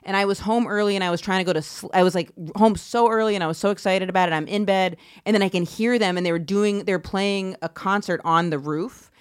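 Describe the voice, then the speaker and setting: A woman comedian tells her stories on a podcast with animated, self-mocking energy. She punches up the quoted lines and keeps the pace loose. Her voice is close and dry, with no room around it. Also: medium pitch, quick pace, hardly any pauses, clean tone, dry recording. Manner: animated, self-deprecating, acts out quotes loudly. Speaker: comedian guest. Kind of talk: casual podcast storytelling.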